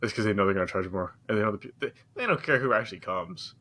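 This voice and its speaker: An animated young man talks fast in a casual podcast chat. His bright, forceful voice swings up and down in pitch as he rambles and circles back over his own words. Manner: animated, rambling, repeats himself. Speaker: podcast co-host.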